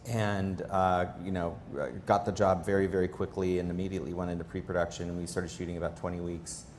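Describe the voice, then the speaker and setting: A man's voice: low voice, flat delivery, fairly quick, darkish tone. A man, a film director, answering audience questions thoughtfully with many "um" and "uh" fillers. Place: auditorium with live audience. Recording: long hall reverb, faint noise.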